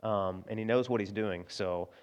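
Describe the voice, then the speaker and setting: A man's voice: lowish voice, normal speed, clean tone. Guy preaching a sermon, chatty, talks right to the crowd, does the voices in his quotes. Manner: conversational preaching, asides to the congregation, frequent restarts; acts out quoted voices in prayer and dialogue. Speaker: pastor.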